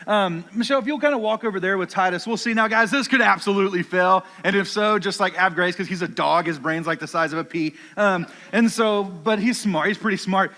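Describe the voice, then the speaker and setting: Man speaking casual youth preacher, high bright voice. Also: brisk, hardly any pauses, long reverb tail. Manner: casual, chatty preaching with many fillers; talks to his dog in low soft commands. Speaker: youth pastor. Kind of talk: sermon.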